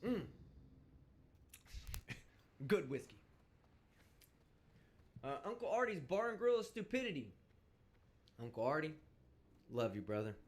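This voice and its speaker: A brash man hosts his live stream and swears freely in a casual, animated rant. His voice sits high and swings widely from line to line. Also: a little slow, long pauses. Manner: brash, vulgar, animated ranting. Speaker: livestream host. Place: indoors, traveling.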